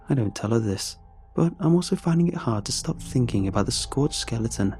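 A man's voice: on the low side, lively intonation, normal speed, mellow, faint music behind. A man narrating a first-person adventure story in a wry, conversational way, speaking the lead's lines himself.

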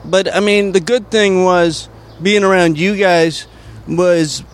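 Hesitant man with a higher voice. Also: steady tone, slow. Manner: hesitant, many fillers and restarts. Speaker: stand-up comedian guest. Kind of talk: casual conversation.

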